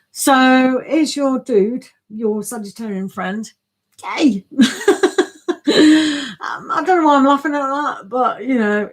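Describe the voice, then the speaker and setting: A woman's voice: a little high, rough recording. A woman giving a casual tarot reading on a live stream, chatty and thinking aloud, laughing often.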